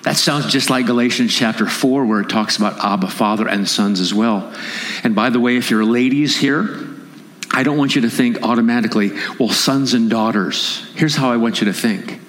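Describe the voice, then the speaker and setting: A man's voice: mid-range voice, fairly quick, a bit bright. A man preaching a sermon as pastor at a conference, impassioned and rising into emphatic raised appeals. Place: conference hall. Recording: long hall reverb.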